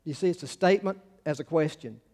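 A man's voice: on the high side, fast talker, darkish tone, in a large hall. A man preaching a sermon as pastor, earnest, with frequent restarts and rising emphatic peaks.

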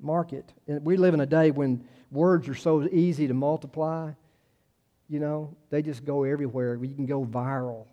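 A man's voice: on the high side, steady tone, moderate pace, highs cut off. A man preaching a sermon in a conversational way, often trailing off and restarting, then rising for emphasis. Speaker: pastor.

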